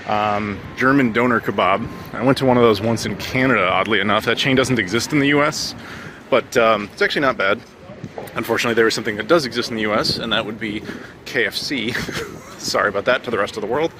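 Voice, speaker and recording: A man's voice: fairly low pitch, fast, noisy background. A man from the United States casually vlogging outdoors on town streets, chatty and joking with lots of fillers. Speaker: travel vlogger. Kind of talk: casual walking vlog.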